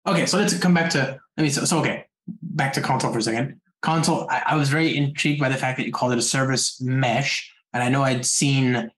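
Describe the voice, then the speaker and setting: A man's voice: mid-range voice, fairly even intonation, a little fast, fairly bright tone, roomy sound, low-quality recording. A man hosting a podcast interview, asking rambling questions full of restarts and "like". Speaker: podcast host. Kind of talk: casual interview chat.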